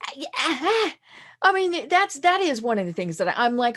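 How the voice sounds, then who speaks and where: A woman hosting a podcast interview, lively and quick, chatting casually and easily wound up. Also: on the high side. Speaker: podcast host.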